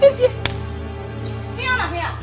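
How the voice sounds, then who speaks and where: A woman's voice: animated, takes it slowly, far from the mic, over music, heavily acted. An actress playing a bossy rich Nigerian madam scolding and firing her staff, with a Nigerian accent. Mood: commanding. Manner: shouting orders, scolding, very high-pitched. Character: bossy, furious rich woman berating staff. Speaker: wealthy madam of a house. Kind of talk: Nollywood film acting.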